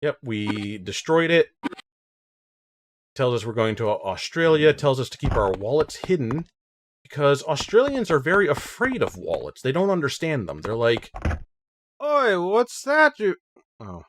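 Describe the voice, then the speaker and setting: A man's voice: mid-range voice, very animated, moderate pace. A man giving casual, joking gameplay commentary as host of a let's play. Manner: joking, rambling. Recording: game sound noise underneath.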